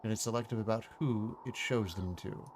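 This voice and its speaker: A man's voice: fairly low pitch, brisk, a little hiss or hum, natural voice. A man voicing a loyal, protective older manor servant with a Scottish accent, using dialect words and old-fashioned grammar. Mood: earnest.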